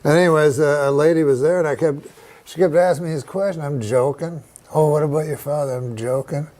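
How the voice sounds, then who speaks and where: A man with a Canadian accent, chatting as a comedian guest in a halting, deadpan way, full of restarts and dry jokes. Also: a little high. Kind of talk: casual interview chat.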